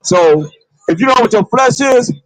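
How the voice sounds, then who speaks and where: A man's voice: high-pitched, animated, moderate pace, no echo, rough recording. A man preaching outdoors on a city street, confronting and calling out to passersby.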